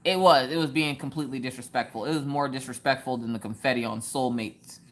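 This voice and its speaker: A woman's voice: extremely low pitch, fast. A woman hosting a casual craft live stream, joking around and answering viewers in the chat by name.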